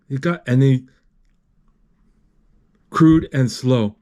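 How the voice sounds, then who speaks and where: A man retelling a movie live as he watches it, halting often and correcting himself as he goes. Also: medium pitch, a little mellow. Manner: halting, with many restarts and self-corrections. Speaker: movie recapper.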